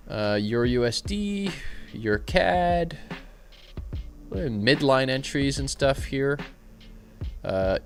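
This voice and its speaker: A man hosting a live trading stream, trading irreverent jokes with his chat between quick remarks on his setups. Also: fairly high pitch, fairly bright tone. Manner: joking, irreverent banter mixed with trade commentary.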